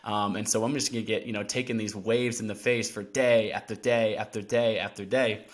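A man as a podcast guest, telling a story in casual talk, animated and full of "like" fillers. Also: on the low side, brisk. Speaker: podcast guest, endurance athlete.

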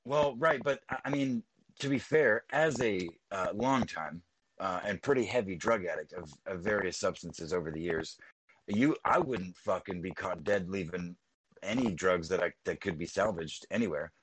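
Man, deep voice, rambling casual chat, frequent swearing, dry sound. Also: moderate pace, slightly rough, dry recording, poor audio. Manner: rambling, swears a lot, many restarts.

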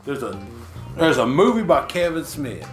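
A man with a lively, swinging voice that sits a little high chats casually as a podcast co-host, laughing often. The room sounds echoey, and music comes through clearly behind him. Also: normal speed. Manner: laid-back, laughing banter. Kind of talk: casual chat.

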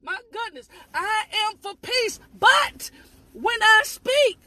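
Shouting high-voiced woman preacher. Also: expressive, takes it slowly, a little hiss or hum. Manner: shouting, with sudden high whoops and repeated phrases; addresses listeners directly and asks them to repeat after her. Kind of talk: fervent sermon.

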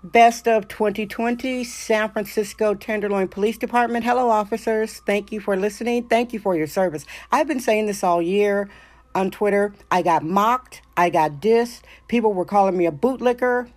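A woman's voice: mid-range voice, normal speed, darkish tone. A middle-aged woman from Wisconsin hosting her own show, talking in an emphatic, self-assured and opinionated way. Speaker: podcast host. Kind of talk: casual monologue.

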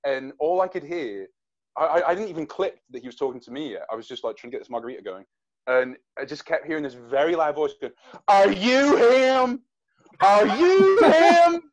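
A man, a guest actor, telling an animated story in a casual interview, with hesitant restarts. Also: medium pitch, fast, rough recording.

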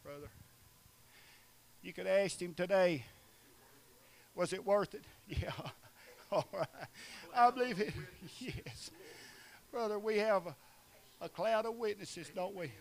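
A preacher from Eastern Oklahoma who swings between shouted, chanting preaching and quieter asides with short laughs. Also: male voice, high voice, gravelly, slight background noise. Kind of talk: sermon.

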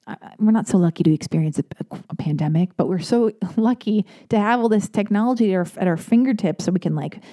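A woman hosting a podcast alone, chatting casually in a rambling way with animated asides. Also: medium pitch, quick pace, hardly any pauses, no echo, studio quality. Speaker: podcast host. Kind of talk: casual solo podcast talk.

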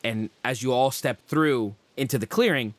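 A man's voice: mid-range voice, normal speed, dry recording. A man narrating a tabletop fantasy game as game master, descriptive and casual, with fillers.

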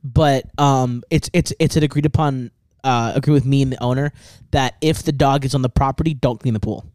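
A man who cleans pools, in casual chat, telling quick anecdotes with many stuttered restarts. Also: mid-range voice, fairly even intonation, a little mellow, no echo, clean studio sound. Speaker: pool cleaner.

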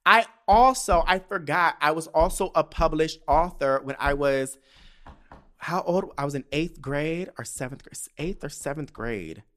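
A man's voice: fairly high pitch, unhurried, fairly bright tone. Young male podcast host, casual solo storytelling, candid and profane, emotional about his past. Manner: candid, profane, emotional, often tearful and laughing.

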